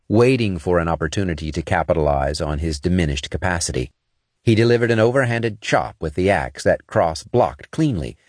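A man narrating an action scene for an audiobook in a steady, dramatic reading. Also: deep voice, no echo, studio quality.

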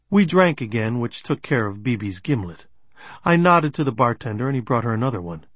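A man's voice: mid-range voice, sing-song, fairly quick, fairly bright tone, dry recording. A man narrating a first-person crime novel in a dry, understated way. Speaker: audiobook narrator.

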